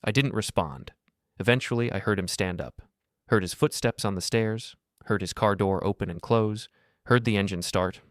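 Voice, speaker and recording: Brief: older male narrator, low voice, calm and steady scripted storytelling, dry close mic. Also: normal speed, dry recording.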